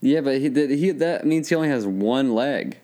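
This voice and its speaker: A man's voice: medium pitch, lively intonation, normal speed, dark tone. Young guy telling street stories, loose and laughing. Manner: laughing storyteller, acts out voices of others. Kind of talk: casual storytelling.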